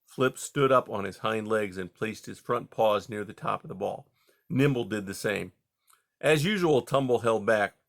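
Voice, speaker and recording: A man narrating a children's novel in a steady, measured reading style. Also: on the low side, vocal fry. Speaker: audiobook reader. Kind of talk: storybook narration.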